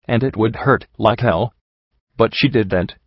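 A man narrating a first-person story in an earnest, steady reading, in a dull, slightly muffled recording. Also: fairly low pitch, measured pace, dry recording. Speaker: audiobook narrator. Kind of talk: first-person fan fiction audiobook reading.

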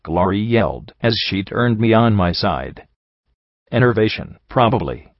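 A man narrating a first-person story as an audiobook reader, in a steady, understated manner with little change between characters. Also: lowish voice, a little slow, dry recording, muffled recording. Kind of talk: first-person fan fiction reading.

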